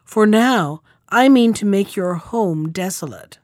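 A woman's voice: mid-range voice, expressive, slow, darkish tone, dry recording. Small vengeful sparrow, cool mocking threats, dry close sound, read by a woman. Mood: taunting.

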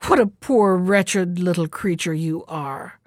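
A woman's voice: lowish voice, takes it slowly, no echo, clean studio sound, voice pushed down. Woman doing a scornful giant. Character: huge scornful male giant.

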